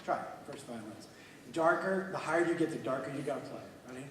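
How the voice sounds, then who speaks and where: A man coaching a student orchestra, energetic and encouraging, with quick bursts of praise. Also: a little high, heavy background noise. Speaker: orchestra clinician. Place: large hall with an orchestra. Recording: echoey hall from far off, orchestra music.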